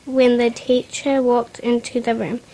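A woman's voice: a little high, little pitch movement, unhurried, mellow. A woman reads a first-person story aloud in a plain, unpolished way, often stumbling and restarting words. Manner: unpolished reading with restarts and slips.

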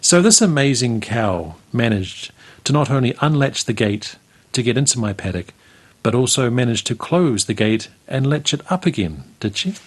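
A man reading the lines of a sharp-tongued, no-nonsense farm wife, firm and sarcastic. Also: mid-range voice, very animated, normal speed, husky.

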